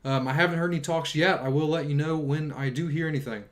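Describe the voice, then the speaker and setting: A man's voice: a little high, fairly even intonation, quick pace. A man hosting a livestream, casually chatting and reading out viewer comments, sounding a bit tired. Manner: chatty, filler-heavy, reads viewer comments aloud. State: tired from long stream. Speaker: livestream host reading chat.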